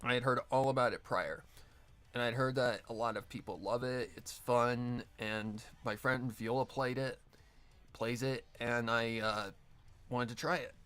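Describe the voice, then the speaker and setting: A man talks to his viewers on a live stream while he works at his editing, his pitch sitting in an ordinary middle range. He rambles, corrects himself partway through sentences and drops casual swears. It sounds like a home desk mic setup. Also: steady tone, unhurried, fairly bright tone, clean tone, soft background music. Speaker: streamer editing an audio drama.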